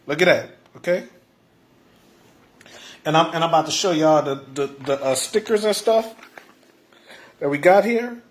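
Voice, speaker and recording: A man talks casually to his livestream viewers, tripping over and repeating his words and chuckling often. His voice sits a little high. The camera mic picks him up in an echoey room at home. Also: measured pace, pauses often. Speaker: livestream host.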